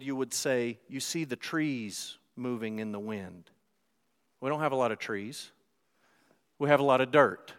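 A pastor preaching a sermon in a conversational way, climbing louder and higher for emphasis. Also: male voice, clean tone. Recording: preached in a reverberant hall.

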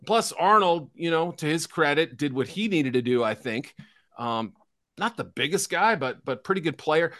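A man's voice: a little high, lively intonation, normal speed, a bit bright, no room sound, clean studio sound. A middle-aged man co-hosting a casual football draft talk, chatty and hedging, with a self-deprecating streak. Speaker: football draft analyst co-host.

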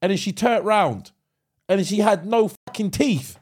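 A man's voice: high-pitched, expressive, normal speed, a little mellow. A man co-hosting a podcast, teasing and arguing in casual banter, often cutting in. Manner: interrupting, teasing, argumentative. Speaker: podcast co-host.

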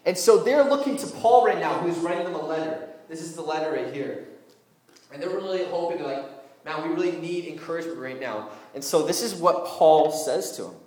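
Lively joking preacher, very echoey hall. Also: male voice, on the high side, normal speed, distant mic. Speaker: youth pastor. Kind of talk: informal sermon. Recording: very echoey room.

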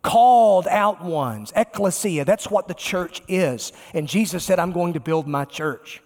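A pastor, a man, preaching a sermon emphatically and slowing down to stress key words. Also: sits high. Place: large church sanctuary. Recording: long reverb of a large church.

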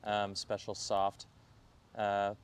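Chill guy with a lowish voice throwing in quick comments. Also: monotone, clear, resonant tone. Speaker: guest. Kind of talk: casual chat.

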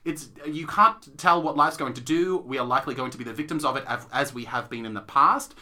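A man's voice: mid-range voice, brisk, pushed and bright. Man, Australian accent, podcast co-host, casual chat, giggly, rambling. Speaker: podcast co-host, theatre reviewer.

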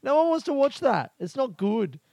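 A man's voice: very high-pitched, very animated, moderate pace, creaky, a little mellow, dry recording. Rambling, sweary Australian man. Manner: rambling, sweary, laughs often. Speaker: podcast host. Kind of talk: casual solo podcast monologue. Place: small bedroom.

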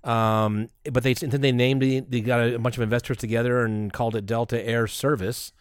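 A man's voice: mid-range voice, little pitch movement, normal speed, clear, resonant tone, dry recording. A man chatting casually as a podcast co-host, who laughs easily, cuts in and riffs on the jokes. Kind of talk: casual chat.

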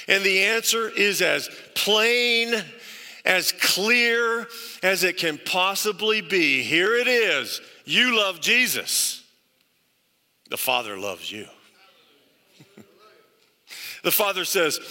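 A man's voice: high voice, very animated, slow, pauses often, bright, forceful tone, big-room sound. A male pastor preaching a sermon, telling stories earnestly and stressing points through repetition. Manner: earnest storytelling with emphatic repetition.

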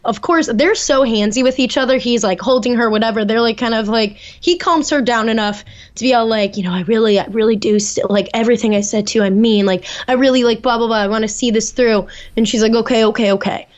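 Talking fast with barely a pause, a young woman with a slightly high voice co-hosts a casual podcast chat. She lively recounts what happened, acting out quotes and throwing in some swearing, on a dull lo-fi recording.

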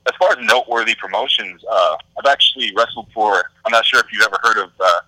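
A man's voice: fairly low pitch, fast talker, bright, forceful tone, no echo, rough recording. A man, a wrestler being interviewed, talking casually with many fillers. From Texas. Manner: laid-back, many "you know" and "uh" fillers. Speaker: guest wrestler.

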